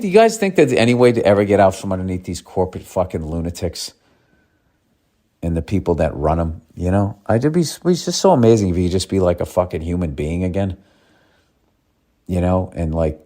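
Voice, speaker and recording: A man's voice: deep voice, dark tone. A man hosting a comedy podcast, ranting in a profane, sardonic way and reading listener mail.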